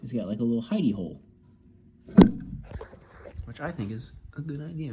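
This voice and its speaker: A man's voice: medium pitch, lively intonation, moderate pace, pauses often. Rambling man on noisy home audio. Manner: rambling, joking, talks to his dogs. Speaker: vlogger. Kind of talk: casual home vlog. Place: home kitchen.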